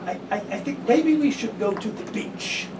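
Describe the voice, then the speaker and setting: A pompous French expert, as a man plays him on stage, who stammers and repeats himself in a thick French accent. The voice sits high and is caught from a distance in an echoey room. There is steady noise behind it. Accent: put-on French. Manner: halting, stammering, emphatic. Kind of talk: improv comedy scene. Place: stage in front of an audience. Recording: echoey stage, far mic, background noise.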